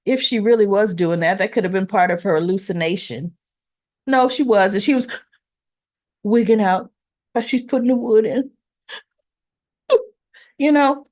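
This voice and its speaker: A woman's voice: medium pitch, unhurried, long pauses, a little mellow. A woman hosting a casual recap vlog, retelling scenes as quoted back-and-forth dialogue with chatty asides to viewers. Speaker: soap opera recap host.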